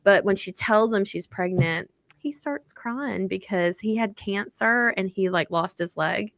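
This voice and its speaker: A woman's voice: medium pitch, measured pace, a bit bright, no echo. Chatty woman, casual swearing, dry sound. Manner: chatty, swearing, lots of fillers and like. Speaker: podcast co-host. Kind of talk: casual chat about romance books.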